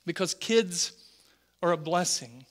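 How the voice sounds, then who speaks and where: Preaching slowly in a voice that sits high, a forties-aged pastor tells stories with earnest animation. He often repeats words along the way.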